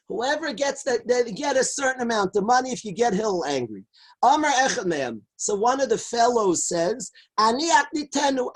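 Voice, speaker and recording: Rabbi guy giving a talmud class, reads the quotes then translates, breathy voice. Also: very high-pitched, rough recording. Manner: reads Hebrew and Aramaic lines, then translates them line by line; lively storyteller who shouts out the characters' lines. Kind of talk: animated Torah lecture storytelling.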